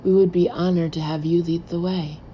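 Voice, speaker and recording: A woman's voice: fairly low pitch, little pitch movement, moderate pace, a little hiss or hum, lightly acted. A woman voicing a jubilant, formal male rebel leader in an audiobook. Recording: muffled lo-fi recording.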